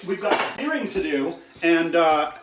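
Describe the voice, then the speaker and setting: A chatty male chef with a fairly high voice walks viewers through a recipe, tagging his sentences with "okay?". The sound is roomy, with a faint hiss behind him. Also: expressive, unhurried. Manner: chatty, says "okay?" often, greets viewers by name. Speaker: chef hosting a cooking stream. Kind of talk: casual live cooking demo. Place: home kitchen.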